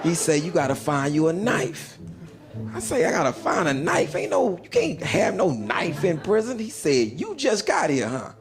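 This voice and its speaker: A man's voice: on the high side, very animated, normal speed. A man doing stand-up, telling a prison story and acting out the people in it with shifting voices. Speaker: stand-up comedian.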